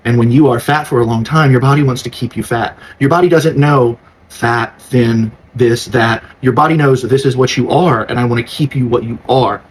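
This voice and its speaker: Man, frank, exasperated, mid pitch, faint ambience. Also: moderate pace, a little hiss or hum, rough recording. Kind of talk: casual talk on weight loss.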